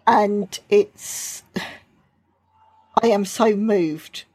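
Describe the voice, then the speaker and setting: Tearful slow-speaking woman interviewer. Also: mid-range voice, a little mellow, slightly rough. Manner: effusive, emphatic praise. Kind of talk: audio interview.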